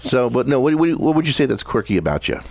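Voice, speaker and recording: A male podcast host with a lively, swinging pitch. He jokes around as he interviews his guest, and a faint hiss sits under the recording. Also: fast talker, vocal fry. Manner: jokey, animated interviewer. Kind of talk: casual chat.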